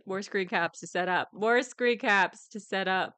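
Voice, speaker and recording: A woman's voice: medium pitch, measured pace, bright, forceful tone, clear, resonant tone, dry recording. A woman streaming a live reaction, ranting angrily and swearing, with bursts of laughter.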